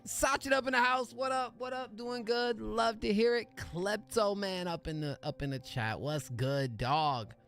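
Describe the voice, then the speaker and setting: A man's voice: high voice, unhurried, creaky, few pauses, fairly bright tone. A man hosting a music feedback livestream, greeting chat in upbeat, slangy casual talk. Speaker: music review livestream host.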